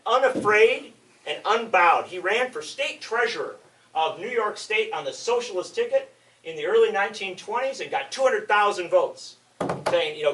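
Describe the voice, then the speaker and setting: A man's voice: sits high, fairly bright tone, far from the mic, slight background noise, rough recording. A man giving a public talk, telling history as an impassioned, emphatic storyteller.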